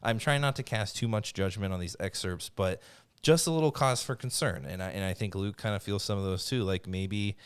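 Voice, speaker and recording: Man, podcast co-host, low voice, rambling, enthusiastic, casual chat. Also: brisk, clean tone.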